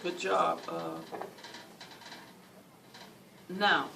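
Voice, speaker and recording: A teacher with a medium-pitched voice and some vocal fry runs a reading lesson slowly but very animatedly, patiently going over questions and key words again for the class. The recording is noisy and distant, with the mic far away.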